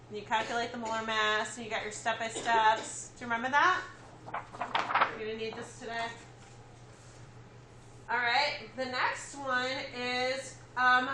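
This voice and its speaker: A female teacher lectures her class on chemistry, explaining one step at a time and making sure students are following. She has a sharp, higher-than-average voice; the recording carries slight hiss or hum, plus classroom echo and faint background ambience.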